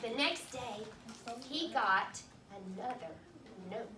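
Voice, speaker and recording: A woman teacher reading a picture book aloud to her class, patiently pausing to ask questions and explain words in simple terms. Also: high-pitched, big pitch swings, background noise. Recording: echoey classroom from far off.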